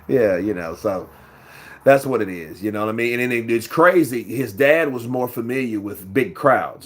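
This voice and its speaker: A man's voice: mid-range voice, moderate pace. A man with a cold hosting a casual boxing news livestream, rambling with lots of fillers and greeting viewers in the chat. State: has a cold.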